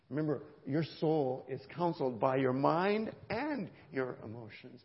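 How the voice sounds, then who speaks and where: A man preaching a sermon as pastor, emphatic, swelling louder on key points and often checking in with "right?". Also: fairly high pitch, creaky, in a large hall, dull audio. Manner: emphatic, rises in volume for key points, frequent "right?" asides. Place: church sanctuary.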